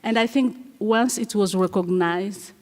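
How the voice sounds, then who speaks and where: Earnest halting woman in a reverberant hall. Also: medium pitch, a little mellow. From Rwanda. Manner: halting, repeats words, earnest. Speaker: guest playwright and performer. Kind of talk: conversational interview. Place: festival hall stage. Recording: long reverb of a live festival hall.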